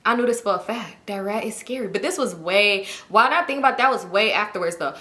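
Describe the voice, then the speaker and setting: A young woman telling a story to camera in a casual, slangy, animated way, acting out what people said. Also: mid-range voice, fairly quick. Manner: animated, slangy, acts out quotes. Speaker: storytime vlogger.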